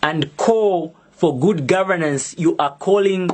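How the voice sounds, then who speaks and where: Slow, deliberate Zambian man. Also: sits high, a little mellow. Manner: slow, deliberate and emphatic, with pointed pauses. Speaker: activist. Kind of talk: public video statement.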